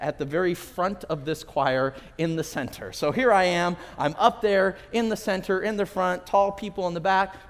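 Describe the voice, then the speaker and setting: A man preaching from the pulpit with a slightly high voice, sharing stories with humor and animated energy. The sound is a church recording with a long hall reverb around his voice. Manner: storytelling, animated, self-deprecating humor. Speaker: pastor. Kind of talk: sermon. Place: church sanctuary.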